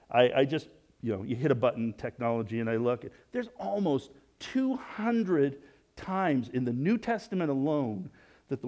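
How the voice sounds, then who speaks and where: Conversational man preaching a sermon. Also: mid-range voice. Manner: conversational preaching with frequent restarts and rhetorical questions; drops to a soft hush when voicing prayers. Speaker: pastor.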